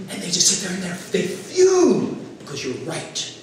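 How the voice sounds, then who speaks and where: A man giving a stump speech as a political candidate, an animated storyteller who acts out quotes, recorded by a far camera in a former classroom. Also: high voice, moderate pace. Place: former classroom at a local meeting. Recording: echoey room, far camera, noise.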